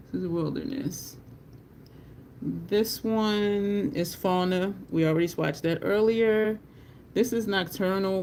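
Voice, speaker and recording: A chatty beauty live-streamer swatches makeup while talking casually to viewers and laughing often. Her mid-range voice is a little mellow with a rough, gravelly edge, and a faint hiss runs under the recording.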